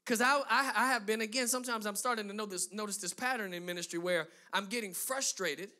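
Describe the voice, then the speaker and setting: High, bright-voiced emphatic preacher man. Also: fast talker. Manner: emphatic preaching with rising, driving lists; conversational asides to the congregation. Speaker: pastor. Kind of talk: sermon.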